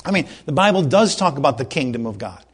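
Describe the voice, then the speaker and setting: A man preaching a sermon, fervent and emphatic, who slows down to read scripture and stumbles over his words when worked up. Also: medium pitch, big pitch swings, breathy edge.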